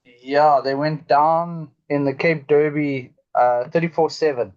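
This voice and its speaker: A man co-hosting a casual rugby podcast, halting and full of fillers as he works through results. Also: a little high, fairly even intonation, smooth, dull audio. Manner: hesitant, many fillers, halting. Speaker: podcast co-host.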